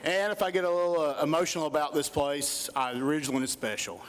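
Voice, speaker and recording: A man's voice: a little high, fairly quick. A middle-aged man, a coach giving an emotional induction speech into a podium microphone, earnestly listing an athlete's achievements.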